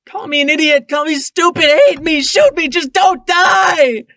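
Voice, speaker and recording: A man voicing a desperate young mare who screams and pleads through sobs in a raspy voice. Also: very high-pitched, animated, unhurried, bright, forceful tone, no room sound, clean studio sound, pitched above the performer's own voice, exaggerated voice. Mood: frantic pleading.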